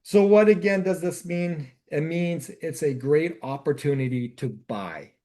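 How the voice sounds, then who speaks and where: A man's voice: on the high side, measured pace, dark tone. A man co-hosting a real estate podcast, explaining the market steadily and asking rhetorical questions. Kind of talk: casual podcast chat.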